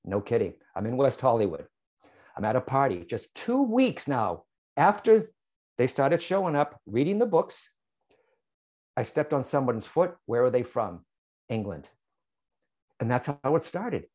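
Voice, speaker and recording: This psychic medium, a man with a mid-range voice, tells an interviewer his story at a moderate pace. His manner is animated, aimed squarely at the host, and he frequently checks in with "right?" and "okay?"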